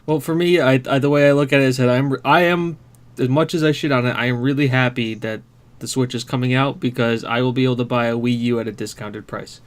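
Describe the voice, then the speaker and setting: A man's voice: medium pitch, steady tone, fast. A man co-hosting a gaming podcast in crude, joking casual chat. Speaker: podcast co-host.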